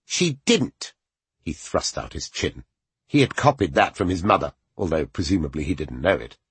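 A man reads a fantasy novel aloud with a low, very husky voice. His pitch moves a lot as he tells the story. The sound is dry and close. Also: fairly quick, no echo. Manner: expressive storytelling. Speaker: narrator. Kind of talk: audiobook narration.

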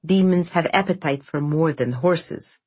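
A woman reading the part of an anguished male priest who pleads and presses urgently, in a husky voice. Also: low voice, a little slow, darkish tone.

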